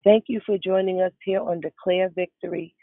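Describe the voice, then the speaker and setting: A woman in her fifties hosting a morning prayer call, greeting each caller warmly by name. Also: lowish voice, steady tone, normal speed, dry recording. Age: 50s. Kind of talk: welcoming callers on a prayer line. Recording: tinny phone line.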